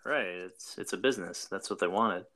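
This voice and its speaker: A man co-hosting a podcast in casual chat, animated and quick to laugh. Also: sits low. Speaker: podcast co-host.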